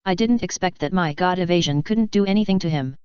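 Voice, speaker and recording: Woman voicing a boastful male pirate captain, low, smooth, dry lo-fi audio. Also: fast, no room sound, lightly acted.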